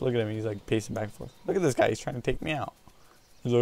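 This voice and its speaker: Brief: male let's-play host, gravelly tone, jokey trash talk at in-game creatures. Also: mid-range voice, quick pace, a little mellow. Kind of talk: casual gameplay commentary.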